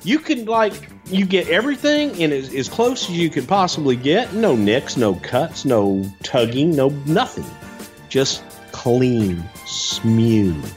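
Animated man in podcast banter. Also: fairly high pitch, unhurried, soft background music. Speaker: podcast co-host. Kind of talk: casual podcast chat.

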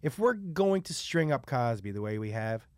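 A man hosting a podcast, talking casually in a blunt, profane, animated way. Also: medium pitch, normal speed, smooth, dry recording, studio quality. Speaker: podcast host. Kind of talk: casual conversation.

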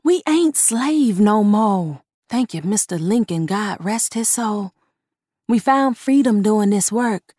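A woman's voice: mid-range voice, lively intonation, slow, dry recording, studio quality, pitched above the performer's own voice. A woman voicing a proud, wary young circus ventriloquist who speaks in folksy dialect. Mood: firm. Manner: folksy dialect, hushed and placating.

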